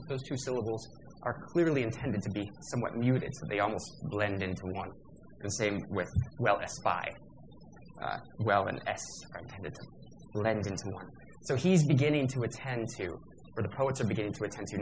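A man's voice: fairly low pitch, a bit bright, slight background noise, poor audio. A man lecturing teachers about poetry and meter, talking in a thoughtful way with frequent restarts.

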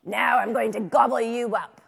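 A woman voicing a roaring troll from a storybook, loud and drawn out, into a microphone in a reverberant hall. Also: on the high side, fairly even intonation, normal speed, vocal fry, husky, full character voice. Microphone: handheld microphone.

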